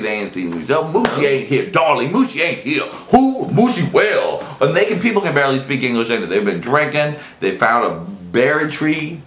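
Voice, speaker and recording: Male vlog host, chatty storyteller who puts on voices; lively pitch, recorded in an echoey room. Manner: animated, acts out quoted voices. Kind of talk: casual storytelling chat. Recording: echoey room, faint noise.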